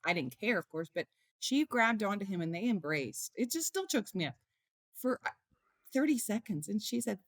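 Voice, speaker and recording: Animated middle-aged woman telling stories. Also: mid-range voice, normal speed, dry recording, studio quality. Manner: emotional, animated storytelling. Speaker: guest, author and mother. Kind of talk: conversational interview storytelling.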